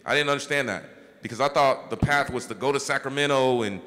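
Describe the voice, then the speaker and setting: A man's voice: mid-range voice, fast, pushed and bright. A man in his thirties, a mayor, giving earnest, encouraging advice to young people at a town hall, often checking in with "right?". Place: large school hall. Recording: echoey hall reverb.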